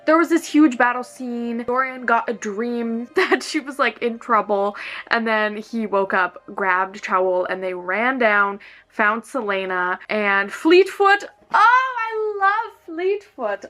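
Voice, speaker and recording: A woman chatting casually in a reading vlog, excitable and gushing, with bursts of quick talk, filmed at home. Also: a little high. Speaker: book vlogger.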